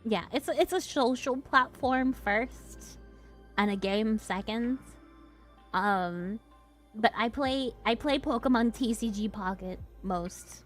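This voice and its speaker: A young woman with a fairly high voice chats on her stream, giggling often as she talks. Faint music plays behind her. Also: takes it slowly. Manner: giggly, laughs often, chatty. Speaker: streamer host. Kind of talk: casual chat with viewers.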